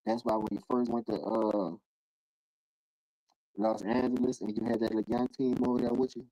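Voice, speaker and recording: Profane, animated man ranting on a stream. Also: moderate pace, no room sound, lo-fi sound. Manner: animated, profane, acts out quoted voices in sudden high bursts. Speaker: livestream host. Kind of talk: casual ranting commentary.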